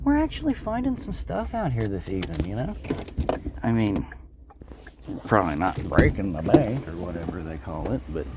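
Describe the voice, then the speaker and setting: A man's voice: fairly low pitch, big pitch swings, normal speed. A man rambling and joking while picking through curbside trash at night, out of breath at times. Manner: joking, rambling, mock voices of viewers. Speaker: scrap picker vlogger. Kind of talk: rambling casual vlog. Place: outdoors at night, curbside and in a vehicle. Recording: noisy outdoor night recording.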